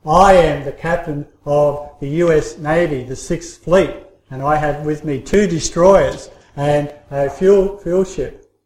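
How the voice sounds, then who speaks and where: A man's voice: on the high side, fairly even intonation, takes it slowly, warm tone. A man voicing an irritated, commanding male navy captain in a story told to a congregation. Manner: commanding, insistent. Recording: roomy hall echo.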